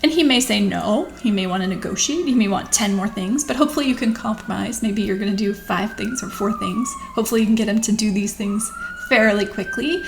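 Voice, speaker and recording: A woman speaking to camera in a thoughtful, conversational way, gently coaching listeners. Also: medium pitch, sing-song, brisk, vocal fry. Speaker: physician hosting her own video channel. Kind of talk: reflective talk to camera. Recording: echoey room with faint background noise.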